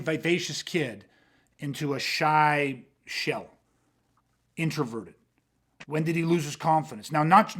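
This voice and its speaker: A man hosting a podcast, talking with intensity, swearing freely and acting out quick street confrontations to make his point. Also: fairly high pitch, fairly bright tone. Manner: emphatic, swearing, acts out street exchanges. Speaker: host.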